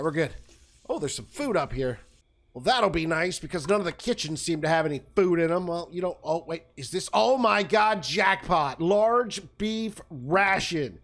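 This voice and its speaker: High, lively man narrating his gameplay. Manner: jokey, talks to enemies, animated outbursts. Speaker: gaming video host. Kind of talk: let's play commentary.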